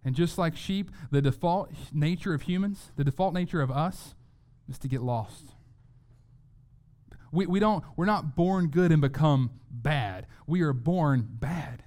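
Male pastor, sermon delivery, smooth resonant voice, earnest, repeats words for emphasis. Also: a little high, unhurried, a little mellow. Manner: earnest, repeats words when stressing a point.

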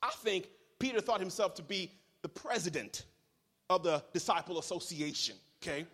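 Man, pastor, high lively voice, sermon in a reverberant hall. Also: normal speed, husky. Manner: animated storytelling with humor and voiced asides.

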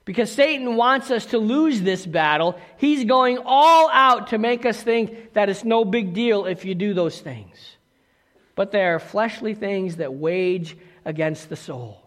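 A man's voice: sits high, a little slow, a bit bright, long reverb tail. A man preaching a sermon as pastor, talking conversationally with asides and questions to the congregation.

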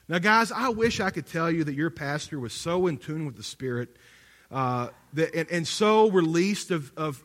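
A middle-aged man preaches in a high, carrying voice, storytelling with many restarts and direct asides to his congregation. His voice rings with the long reverb of a large hall. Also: fairly bright tone. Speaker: pastor. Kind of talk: sermon.

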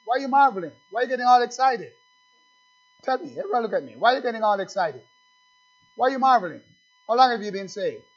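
A man's voice: extremely high pitch, normal speed, pauses often, a bit bright, highs cut off. A man preaching a sermon in call-and-response style, acting out little dialogues with the congregation.

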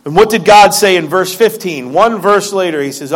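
Man, pastor; high voice, casual sermon delivery. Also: lively intonation, moderate pace. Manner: conversational, joking asides, repeats words.

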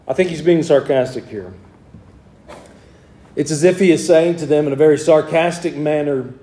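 A man's voice: medium pitch, moderate pace, warm tone, roomy sound. A man preaching an evening sermon, reading scripture aloud and then explaining it in plain words. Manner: reads scripture in King James wording, then explains it plainly.

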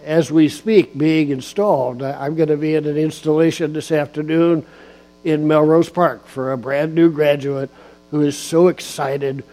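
A man preaching a sermon in a church, speaking slowly and emphatically and repeating key phrases. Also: a little high, dark tone. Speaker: guest preacher, district church official. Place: church sanctuary.

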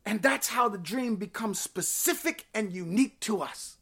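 A woman preaching a sermon, repeating phrases in a rhythmic build, rising to shouts and then dropping to hushed tones. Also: medium pitch, expressive, normal speed, slightly rough.

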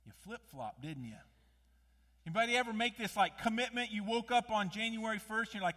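A man preaches a sermon in a high, lively voice, throwing rhetorical questions at the crowd and rising to loud emphasis before dropping back down. His voice rings out with a long reverb in a church sanctuary. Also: fairly quick. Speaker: pastor.

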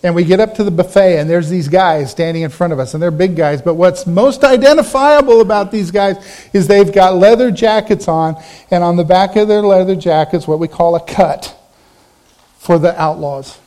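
A middle-aged man delivers a sermon in a fairly high voice, weaving a personal story into the message. He acts out the voices of the people he describes, with lively shifts in tone. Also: normal speed. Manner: animated storytelling, acting out quoted voices. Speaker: pastor.

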